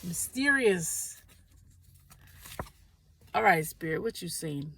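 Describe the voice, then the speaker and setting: A woman giving a casual spiritual tarot reading, chatty and quick to laugh, stopping to pray aloud between the cards. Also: lowish voice, animated, a bit bright, recorded from a distance, a little hiss or hum.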